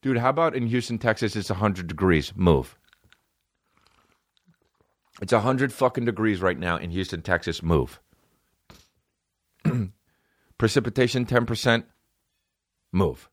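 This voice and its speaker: A man's voice: fairly low pitch, brisk, no echo, studio quality. A man hosting a comedy podcast, riffing profanely through a rambling monologue and jumping between bits.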